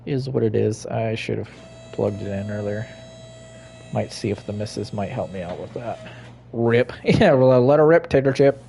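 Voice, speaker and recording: A man giving casual, swear-filled commentary while he plays a game, talking to himself, laughing and breaking into sudden loud outbursts. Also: on the low side, normal speed, vocal fry, a little hiss or hum. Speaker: gaming streamer.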